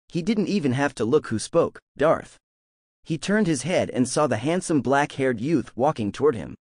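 A man reading a novel aloud as an audiobook narrator, in a lively storytelling manner. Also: medium pitch, dry recording, clean studio sound.

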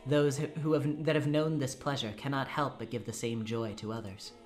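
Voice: medium pitch, fairly even intonation, moderate pace, natural voice. A reader voicing a cruel, theatrical adult female witch who taunts and gloats grandly, with music behind. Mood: gloating.

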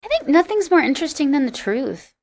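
A woman's voice: high voice, very animated, brisk, a little mellow. A singer-songwriter woman, a guest in an interview, telling stories animatedly and laughing often. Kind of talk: storytelling interview talk.

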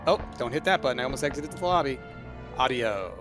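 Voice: medium pitch, lively intonation, fast talker, music in the background. A gamer guiding a friend through a co-op game, encouraging and laughing often. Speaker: gamer, guide. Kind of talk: casual co-op gameplay chat.

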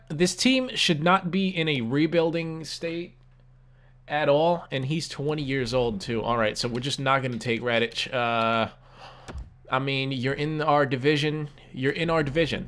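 Young man swearing through game commentary. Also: medium pitch. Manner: animated, swears often, repeats himself. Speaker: gaming YouTuber.

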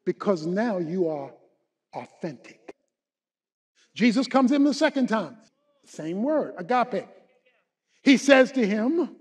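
A male pastor preaching a sermon, moving from hushed, slow Bible teaching to shouted, rising exhortation. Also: high voice, big pitch swings, slightly rough. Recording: long hall reverb.

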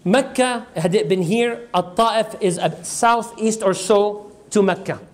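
Guy giving a religious talk, kinda high voice, keeps asking the crowd yes or no, tells the story big and dramatic. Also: measured pace. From United States. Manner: call-and-response questions to the audience, dramatic retelling. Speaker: religious teacher. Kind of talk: sermon-style storytelling lecture.

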